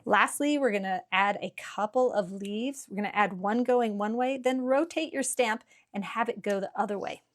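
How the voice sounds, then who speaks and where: A woman hosting a relaxed craft tutorial, chatty and encouraging, with frequent fillers as she works at her table. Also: medium pitch, normal speed, few pauses. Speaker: card-making channel host.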